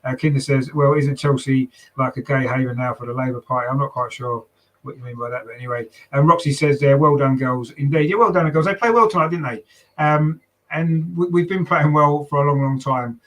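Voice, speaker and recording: A man's voice: mid-range voice, fairly even intonation, brisk, a bit bright, rough recording. A man from London with a southern English accent hosts a live fan watchalong, commentating on a match and reading out chat comments in a chatty way, with lots of ums and tag questions. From London, England.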